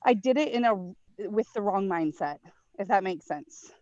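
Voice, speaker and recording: Woman group member telling a story over a muffled, dry video call, animated and casual. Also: mid-range voice, moderate pace, no room sound.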